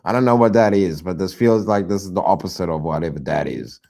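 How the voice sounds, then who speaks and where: A man streaming reaction commentary, exasperated and loud, repeating himself and swearing often. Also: deep voice, quick pace, creaky.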